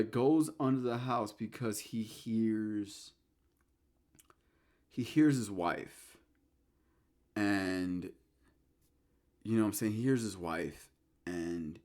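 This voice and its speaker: A man hosting a solo podcast, telling horror film scenes in an animated, profane way, swinging from hushed storytelling to loud incredulous rants. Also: lowish voice. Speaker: podcast host. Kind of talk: casual solo talk about horror films.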